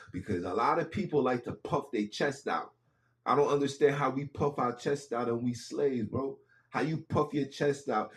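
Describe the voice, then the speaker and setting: A man hosting a podcast, speaking in an impassioned monologue with casual street phrasing and repeated lines for emphasis. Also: lowish voice. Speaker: podcast host.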